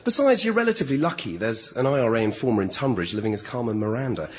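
A man's voice: medium pitch, lively intonation, fast talker, very noisy, close to an everyday voice. A man playing a dry, matter-of-fact witness protection officer in a radio comedy sketch.

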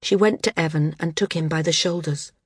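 A woman narrator reading a fantasy novel in an even, unhurried way. Her voice is a little low and husky, and the recording is close and dry with no room around it. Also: no echo. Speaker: audiobook narrator. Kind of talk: scripted narration.

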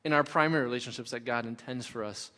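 A man's voice: medium pitch, fast, pushed and bright. A middle-aged man, a pastor, preaching a sermon in a conversational way, repeating key phrases for emphasis. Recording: long hall reverb.

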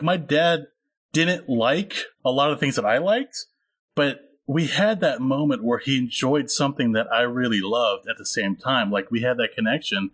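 A man in a casual film podcast, mid-pitched and steady, who rambles through thoughts with plenty of fillers and false starts. He talks in an earnest, personal way. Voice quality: rambling with many fillers and restarts. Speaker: podcast co-host discussing a film. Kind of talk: casual chat.

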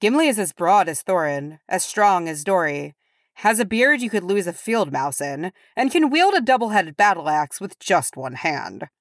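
A woman's voice: fairly low pitch, sing-song, moderate pace, no echo, clean studio sound, voice pushed up. A woman voicing an amused, teasing young male dwarf, lifted above her narrating voice.

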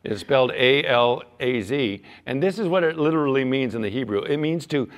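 A man preaching a sermon as pastor, earnest, building louder on scripture readings and dropping low at the ends of phrases. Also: lively intonation, brisk. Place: church sanctuary. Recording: long hall reverb.

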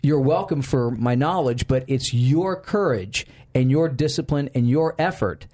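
Animated male podcast host. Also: medium pitch, unhurried. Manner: animated storyteller who acts out quoted dialogue. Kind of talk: casual chat.

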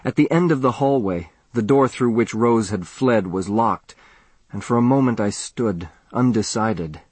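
A man reading a first-person story aloud in a measured, earnest storytelling manner. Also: fairly low pitch, darkish tone, slightly rough, no echo. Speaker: audiobook narrator. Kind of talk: scripted first-person narration.

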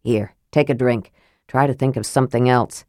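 A woman voicing a stubborn, gruff old male dwarf who grumbles testily. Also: a bass voice, steady tone, moderate pace, dark tone, no room sound, studio quality, pitched below the performer's own voice.

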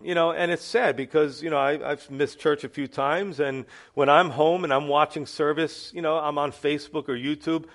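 A man preaching a sermon as a pastor, earnest, now and then acting out lazy churchgoers in quick asides. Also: on the high side.

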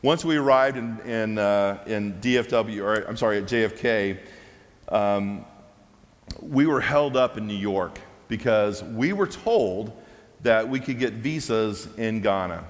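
A man telling a personal testimony during a church service, animated and laughing at his own story. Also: fairly low pitch, a little slow. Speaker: preacher sharing a testimony. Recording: long hall reverb.

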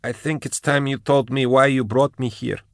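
A man voicing a possessing male mentor in an audiobook, soft and questioning. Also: medium pitch, steady tone, moderate pace, no echo, clean studio sound, pitched above the performer's own voice, close to an everyday voice. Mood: wry. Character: male mentor's voice speaking through a woman.

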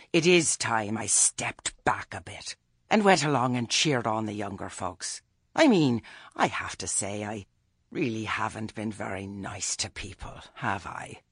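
A man doing a stern old witch gone strangely sweet, prim and earnest, gravelly and husky voice rising and falling a lot, dry close sound, all in a storybook reading. The words come clipped and rural. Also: lowish voice, fairly bright tone, dry recording, full character voice. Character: stern elderly witch, suddenly oddly sweet.

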